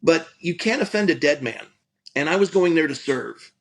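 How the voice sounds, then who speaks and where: A man's voice: a little high, animated, moderate pace, gravelly, poor audio. A middle-aged man, a pastor, telling a personal story in an earnest, conversational way, often restarting his sentences. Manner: earnest, frequent restarts and stammered repeats.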